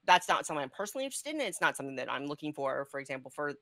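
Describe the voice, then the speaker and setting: A woman's voice: sits low, sing-song, very fast, fairly bright tone, no room sound. A woman co-hosting a podcast, rambling conversationally about crowdfunding and board games. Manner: rambling, conversational, many fillers. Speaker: podcast co-host.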